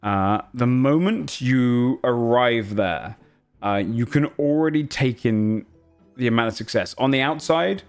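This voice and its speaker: A man's voice: mid-range voice, measured pace, clear, resonant tone, faint music behind. A man running a tabletop game as game master, narrating casually with lots of fillers.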